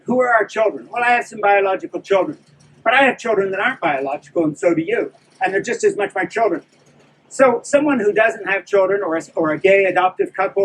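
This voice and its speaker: A man's voice: sits high, distant mic, slight background noise, poor audio. An older man, an author, giving a candid, self-deprecating live talk to an audience about his book. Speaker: author speaking at a book event.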